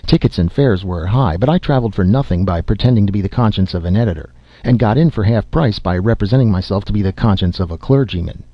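A man narrating a story in a measured, dramatic reading style, in a slightly dull lo-fi recording. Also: lowish voice, animated, dry recording.

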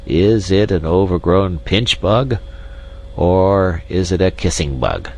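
A man's voice: low-pitched, lively intonation, slow, a little hiss or hum, full character voice. Grumpy whiny weasel king, man voicing it, snappish, storybook read. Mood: querulous. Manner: querulous, snappish. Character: lazy, querulous male weasel king.

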